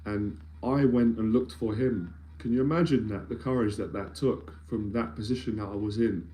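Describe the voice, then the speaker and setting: A man's voice: on the low side, fairly even intonation, normal speed, mellow. A man, an anxiety mentor speaking earnestly and emphatically in a live-streamed talk, often repeating phrases as he builds a point. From London, England.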